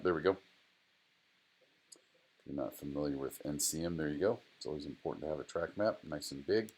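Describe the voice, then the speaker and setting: A middle-aged man, a driving instructor, talks casually through a screen-recorded data tutorial, repeating himself and chatting to his software. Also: a bass voice, fairly quick, long pauses, slightly rough.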